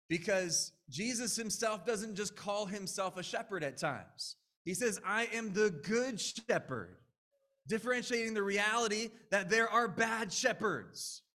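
A man's voice: fairly high pitch, bright, forceful tone. A man preaching a conversational, earnest sermon as a pastor, with frequent restarts.

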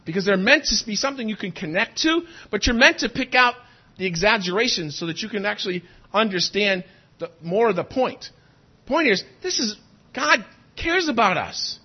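Very high-voiced male pastor preaching. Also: moderate pace, husky. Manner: animated, asks the congregation questions. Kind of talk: sermon. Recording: dull lo-fi recording.

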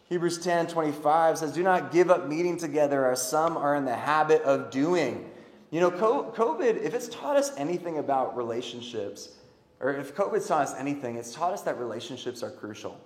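A man preaching a sermon, swinging from loud emphatic calls to quiet earnest pleas. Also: fairly high pitch, animated, moderate pace. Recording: echoey hall.

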